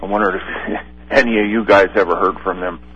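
A man calling in to a Christian talk radio show, telling a story in a rambling, halting way with many fillers. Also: low-pitched, fairly even intonation, slightly rough, soft background music. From Pennsylvania. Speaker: caller. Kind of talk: call-in radio chat. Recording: dull lo-fi phone line.

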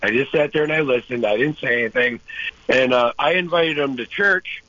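A man calling in to a talk show, telling a story in a rambling, halting way with lots of restarts. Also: mid-range voice, bright, forceful tone, no room sound. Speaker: caller. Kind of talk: casual storytelling. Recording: dull lo-fi phone-in audio.

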